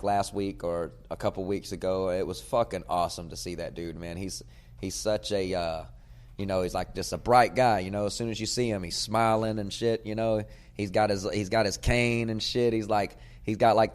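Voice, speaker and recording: A man hosting his own podcast as a comedian, rambling in a profane, casual way and sometimes breaking into loud shouting. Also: fairly low pitch. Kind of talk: casual chat.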